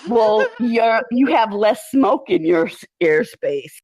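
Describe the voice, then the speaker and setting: A woman joking in a dry, deadpan way on a casual online group call. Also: medium pitch, slow pace, dry recording. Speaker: podcast panelist.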